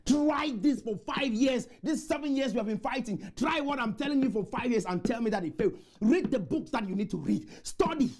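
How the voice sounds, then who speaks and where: A man from Cameroon, giving a motivational conference speech full of repeated chants that burst into shouts. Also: very high voice, brisk, hardly any pauses. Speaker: motivational speaker. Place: conference room.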